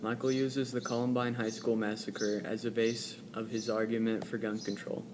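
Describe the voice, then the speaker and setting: Flat-voiced man reading a script. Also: medium pitch, noisy background. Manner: even, read-aloud delivery. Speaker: documentary narrator. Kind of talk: scripted narration.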